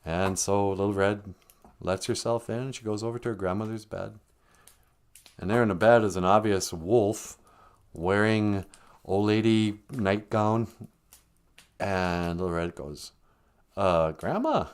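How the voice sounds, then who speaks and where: A man's voice: on the low side, fairly even intonation, measured pace, pauses often, clear, resonant tone. A man telling a folk tale casually on a live stream, rambling with joking asides and self-corrections. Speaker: storyteller.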